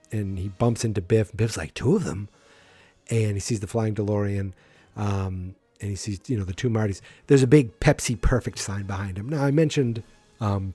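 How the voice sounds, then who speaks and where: Rambling low-voiced man hosting a podcast. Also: mellow, no echo. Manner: rambling, self-deprecating, many ums. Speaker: podcast host. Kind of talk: solo podcast chat.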